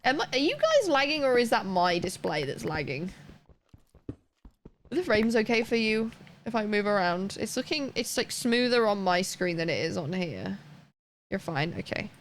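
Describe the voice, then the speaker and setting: A woman's voice: medium pitch, big pitch swings, moderate pace, slight background noise. A woman streamer chatting casually and rambling to her live chat while playing, laughing often and reading chat messages aloud.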